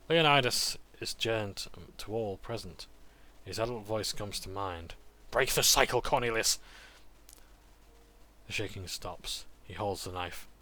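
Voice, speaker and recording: A man's voice: fairly low pitch, sharp tone. A man recapping a tabletop game session as game master, narrating events and dice rolls.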